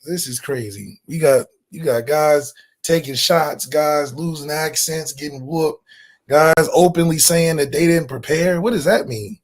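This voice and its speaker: Emphatic, fairly high-voiced sports host. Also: male voice, a little slow. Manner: emphatic, animated, slangy. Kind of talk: casual sports talk.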